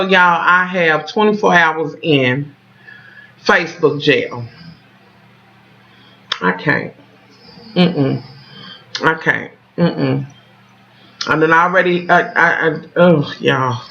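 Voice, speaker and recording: Profane, rambling woman vlogger, bright voice. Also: lowish voice. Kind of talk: casual vlog rant to viewers. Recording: dull lo-fi sound.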